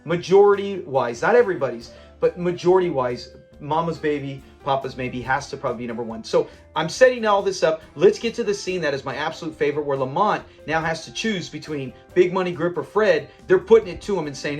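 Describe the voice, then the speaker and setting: A man's voice: on the high side, expressive, brisk, few pauses, faint music behind. A man hosting a classic TV reaction channel, talking in an enthusiastic, rambling and sentimental way. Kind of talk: casual commentary.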